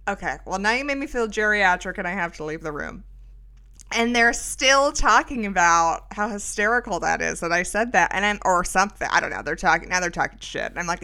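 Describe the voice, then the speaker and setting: A woman's voice: medium pitch, animated, fairly quick, bright, forceful tone. A middle-aged woman hosting a podcast, telling a rambling, self-mocking story with lots of fillers. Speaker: podcast host. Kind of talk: casual storytelling monologue.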